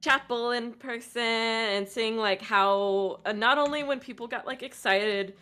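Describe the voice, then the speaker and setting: A woman's voice: on the high side, a little slow, smooth. A young woman co-hosting a stream, chatting casually and giggly with many fillers. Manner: giggly, filler-heavy, soft trailing phrases. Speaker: co-host friend. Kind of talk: casual chat.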